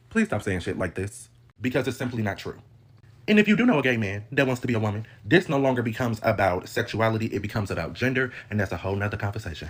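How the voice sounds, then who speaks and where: A man ranting in a casual video, sassy and slangy. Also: medium pitch.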